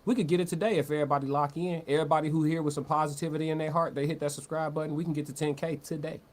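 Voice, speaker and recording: Fairly high-pitched and level in tone, this man fires off his livestream commentary rapidly. He's a slangy, laid-back host reading chat, repeating himself and restarting as he goes.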